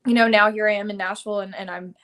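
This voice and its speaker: A woman's voice: medium pitch, fairly even intonation, fast talker, a bit bright. A woman, a country singer, talking casually in a live interview over a video call, with lots of fillers and restarts. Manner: chatty, many fillers and restarts. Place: home in Nashville, live stream.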